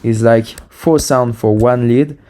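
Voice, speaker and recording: A man's voice: medium pitch, steady tone, slow, dark tone. A man casually walking through how he built a music sample, upbeat and full of "super" and "you know". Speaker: music producer. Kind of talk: casual tutorial walkthrough.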